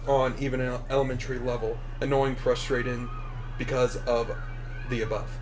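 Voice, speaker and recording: A man co-hosting a podcast, reading definitions aloud in a deadpan casual way. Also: mid-range voice, normal speed, background noise. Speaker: podcast co-host. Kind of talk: casual chat.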